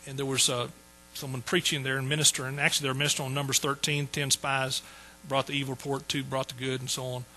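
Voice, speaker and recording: Folksy man preaching, bright voice. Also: mid-range voice, flat delivery, quick pace, hardly any pauses, a little hiss or hum, low-quality recording. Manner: folksy storytelling, repeats phrases for emphasis. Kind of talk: sermon testimony.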